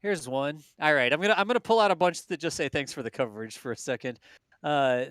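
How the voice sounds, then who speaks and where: A man's voice: on the high side, lively intonation, fast, a bit bright, clear, resonant tone, dry recording. A man with a South Texas accent co-hosting a live launch stream, chatty and folksy, laughing easily. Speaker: livestream co-host. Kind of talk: casual live commentary.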